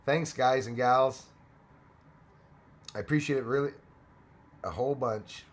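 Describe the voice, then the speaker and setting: A man's voice: medium pitch, measured pace. A man from Canada hosting a casual livestream, chatty, thanking viewers by name and laughing often. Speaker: livestream host.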